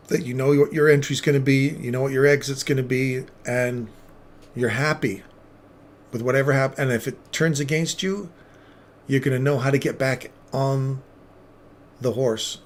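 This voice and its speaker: A man hosts a live trading stream in a casual, upbeat voice at an ordinary pitch. He chats with viewers by name while he talks through the charts. A faint background hum sits under the recording. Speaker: trading livestream host.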